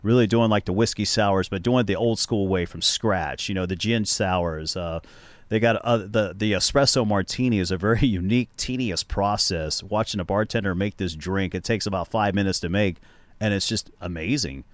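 A man's voice: fairly low pitch, normal speed, dry recording. A man appearing as a guest on a radio show, chatting in a rambling, storytelling way. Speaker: guest and sports show host. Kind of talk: casual chat. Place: radio studio.

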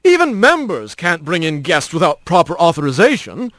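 A man's voice: on the high side, huge pitch swings, normal speed, a bit bright, dry recording. A man doing a snooty young hawk. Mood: snide. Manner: sneering, pompous.

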